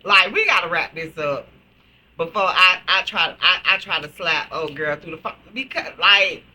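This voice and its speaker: A woman hosting a reaction video, making casual comments in a slow, expressive, laughing way. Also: lowish voice. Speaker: reaction channel host.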